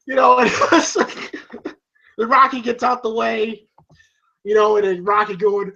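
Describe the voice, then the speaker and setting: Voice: medium pitch, fairly even intonation, moderate pace, pauses often, fairly bright tone, lo-fi sound. A movie reviewer casually retelling a fight scene, rambling with many fillers and frequent laughs.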